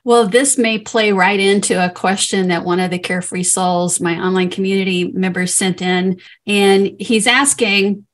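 A woman's voice: mid-range voice, steady tone, normal speed, few pauses. Woman hosting an interview. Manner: summarizes listener questions. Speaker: podcast host.

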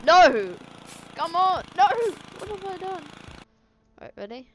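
Woman, excitable let's play commentary, exclaiming at the game, slow drawn-out talk, noisy recording with game sounds. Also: extremely high pitch. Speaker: gaming video host. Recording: game sounds and noise behind. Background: video game sound effects.

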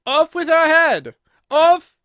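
A man voicing a furious tyrant queen who screams her orders in a shrill, loud voice. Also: very animated, a little slow, dry recording, exaggerated voice.

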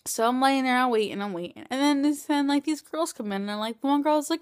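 A young woman tells a long story into her camera in a loose, rambling way, with plenty of fillers and acted-out voices. Her voice sits a little high, and the sound is dry and close with no room echo. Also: lively intonation, brisk. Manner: chatty, rambling, full of filler words, acts out voices in retelling. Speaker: vlogger. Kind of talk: casual storytelling.

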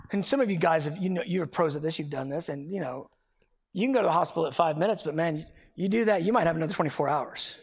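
Talking fast with a slightly high, breathy-edged voice, a male pastor tells a personal story during his sermon. He's animated, shifting between loud and hushed moments and building his point through repeated words.

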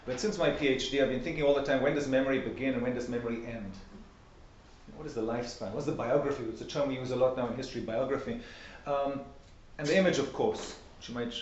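A man's voice: mid-range voice, a little mellow, far from the mic, a little hiss or hum. A man giving an academic workshop presentation in a seminar room, talking conversationally and posing rhetorical questions. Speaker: lecturer. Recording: very echoey, dull room recording.

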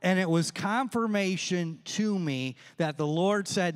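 High-voiced pastor preaching in an echoey church. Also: male voice, a little slow, few pauses, clear, resonant tone. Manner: storytelling with acted-out dialogue. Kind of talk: sermon.

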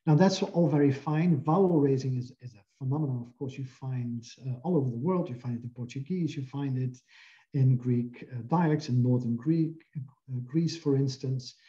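A man from Belgium giving an academic lecture, explaining carefully with frequent pauses over a video call. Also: mid-range voice, dark tone, muffled recording.

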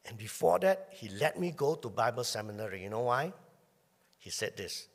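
A male pastor giving a conversational sermon, often clearing his throat as he talks. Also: medium pitch, sing-song, normal speed, big-room sound. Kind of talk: sermon with personal storytelling. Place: church hall.

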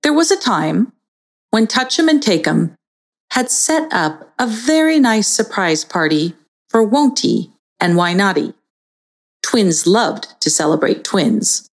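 A woman narrating a children's story in an expressive, storytelling manner. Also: medium pitch, takes it slowly.

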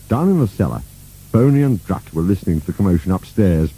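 Warm husky low man reading a storybook, lively swooping delivery. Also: fast, low-quality recording. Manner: expressive, playful reading. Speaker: narrator. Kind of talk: storybook narration.

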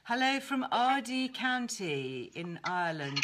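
A woman hosts a casual live stream from her home, her voice sitting a little low. She chats away and reads out viewers' names and greetings between segments. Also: animated, normal speed, fairly bright tone. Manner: chatty, greets viewers by name. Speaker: host.

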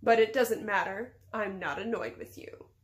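A woman's voice: mid-range voice, normal speed, close to an everyday voice. A woman voicing a pompous, condescending young male wizard in a read-aloud storybook. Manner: lofty, condescending.

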